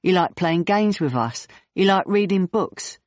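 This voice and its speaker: A man's voice: high-pitched, animated, unhurried, no echo, voice pushed up. A narrator voicing a blunt, casual male clown with an Estuary English accent, on a dull, dry recording. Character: blunt laid-back male circus clown.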